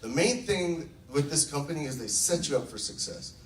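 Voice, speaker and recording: A man with a higher voice talks at normal speed and with animation, giving a casual testimonial about network marketing to a group and acting out others' remarks. The sound is echoey, picked up from a distance.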